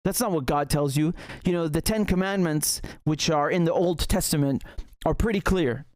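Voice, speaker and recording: A man's voice: a little high, normal speed, darkish tone, no room sound, clean studio sound. A man giving heated, indignant solo commentary, sarcastic at times, often stumbling and restarting his sentences. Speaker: political commentator.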